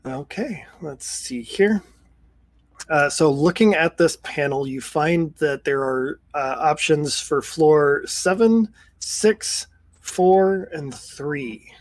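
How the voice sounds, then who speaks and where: Man, game master, slightly high voice, slow, measured narration, dry sound. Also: lively intonation, no echo. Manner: slow, measured, ominous descriptions.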